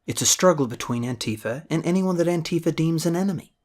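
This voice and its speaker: Sardonic Midwestern commentator, blunt. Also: male voice, fairly high pitch, animated, quick pace, a little mellow. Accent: American Midwestern. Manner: sardonic, blunt, with jokey asides. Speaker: radio commentator. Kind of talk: opinion monologue.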